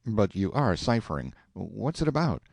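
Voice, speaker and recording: A man doing an eager, excitable husband. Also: fairly low pitch, normal speed, creaky, no room sound, exaggerated voice. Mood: excited. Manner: eager and impatient, folksy exclamations. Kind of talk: audiobook character voice.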